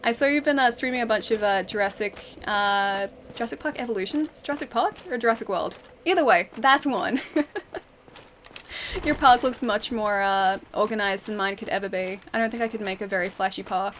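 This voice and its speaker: A woman's voice: mid-range voice, normal speed, fairly bright tone, slight background noise. A young woman chatting casually with her viewers while streaming a game, rambling with fillers. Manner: chatty, rambling, answers chat with fillers and laughs. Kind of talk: casual gaming stream chat.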